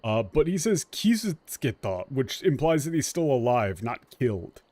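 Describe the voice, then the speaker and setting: A man's voice: mid-range voice, big pitch swings, normal speed, darkish tone, no room sound. A male game streamer giving casual let's-play commentary, analytically picking apart a translation word by word and swearing now and then.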